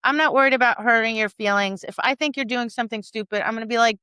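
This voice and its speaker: A woman dog trainer co-hosting a podcast, talking in an animated casual chat, often asking "right?" and acting out quoted lines. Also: fairly high pitch, quick pace, hardly any pauses, smooth, dry recording, studio quality. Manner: frequent "right?" and "like".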